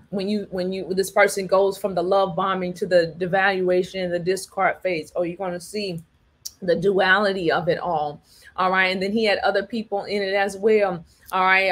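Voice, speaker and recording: A woman's voice: mid-range voice, steady tone, moderate pace, fairly bright tone. An emphatic woman speaking in a mid-range voice, holding forth like a preacher to her audience. She keeps checking in with her listeners and drives each point home by repeating it. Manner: preachy, repeats "all right" and "do you understand me", acts out quotes. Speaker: host. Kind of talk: emphatic commentary monologue.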